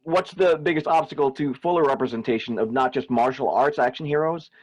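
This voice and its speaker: A man's voice: mid-range voice, fairly quick, poor audio. A man moderating a panel by video call, putting questions politely and with measure.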